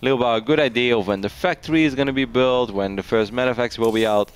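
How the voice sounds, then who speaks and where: A man's voice: medium pitch, fast talker, clear, resonant tone. A man casting a live esports match, chatty and laughing often as he tells anecdotes. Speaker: esports caster.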